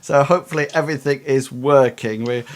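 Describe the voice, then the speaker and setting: A man's voice: medium pitch, a little fast. A man hosting and running a tabletop game over a video call, chatty and hesitant, with many fillers and restarts. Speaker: game master.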